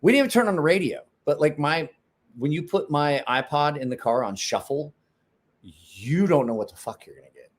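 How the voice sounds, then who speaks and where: A man's voice: on the high side, lively intonation, normal speed. A man hosting a casual livestream, rambling and cutting himself off, with easy swearing. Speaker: livestream host.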